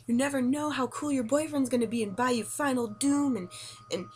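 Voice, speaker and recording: A young woman vlogger ranting casually about her gaming week, animated and swearing, with high squeals when she quotes herself. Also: a little fast, slight background noise. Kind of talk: casual rant to camera.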